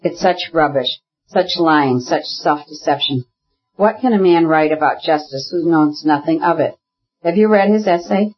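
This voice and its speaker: A husky-voiced reader voicing a bitter, ailing radical brother who argues heatedly, in an audiobook. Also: mid-range voice, moderate pace, muffled recording, natural voice. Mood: agitated. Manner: heated, argumentative, bursts into shouting.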